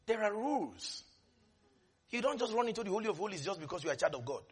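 A man preaching a sermon with great animation, dropping to soft asides and rising to shouts as he acts out Bible scenes. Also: high voice, big pitch swings, quick pace, breathy edge.

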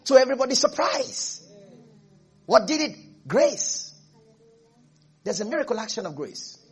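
Male pastor, very high voice, husky tone, emphatic sermon, repeats phrases. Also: sing-song, a little slow. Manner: emphatic preaching, repeats phrases, asks the congregation if they are listening.

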